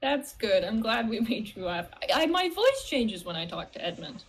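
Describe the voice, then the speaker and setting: A woman's voice: a little high, very animated, moderate pace. A young woman co-hosting a game stream, bantering and teasing playfully. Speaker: streamer co-host. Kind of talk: casual chat while playing a game.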